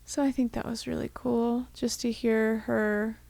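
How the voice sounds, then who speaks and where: A young woman co-hosts a podcast in a loose, rambling way, with plenty of fillers. Her voice sits a bit high, with a gravelly vocal fry running through it, and she sounds tender and close to tears. The recording is dry and close, with almost no room sound. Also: level tone, measured pace, darkish tone, dry recording. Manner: chatty, rambling with many "like"s. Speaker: podcast co-host. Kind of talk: casual chat.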